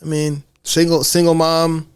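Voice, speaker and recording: A man hosting a casual film discussion podcast, animated, often acting out quotes in high voices. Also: a little slow, smooth, no echo, studio quality. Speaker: podcast host.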